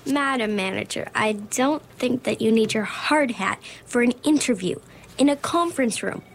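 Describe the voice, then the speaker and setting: A woman's voice: on the high side, moderate pace, vocal fry, a little hiss or hum. A woman playing an earnest, polite young woman who runs interviews in an audio drama. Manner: polite and earnest, giggly when nervous.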